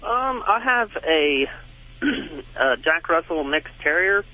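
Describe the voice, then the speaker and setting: A man's voice: a little high, big pitch swings, bright, forceful tone. Hesitant male caller on a dull phone line. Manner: hesitant, halting. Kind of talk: phone-in question.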